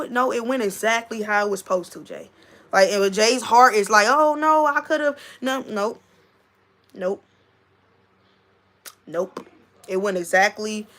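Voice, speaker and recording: A woman's voice: medium pitch, fairly bright tone. Emphatic woman livestreaming, repeating herself. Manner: emphatic, repeats herself, talks straight to a friend. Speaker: livestream host. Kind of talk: casual livestream talk to viewers.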